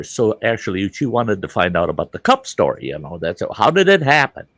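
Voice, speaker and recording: A man hosting a live stream, telling stories in casual chat, animated and swearing freely, laughing as he goes. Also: on the low side, a little fast, hardly any pauses, dry recording.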